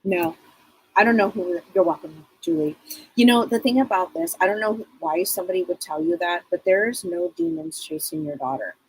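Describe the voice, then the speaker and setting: A woman's voice: fairly low pitch, normal speed, slightly rough, low-quality recording. A middle-aged woman hosting a live psychic reading broadcast, rambling casually with many fillers. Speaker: psychic show host.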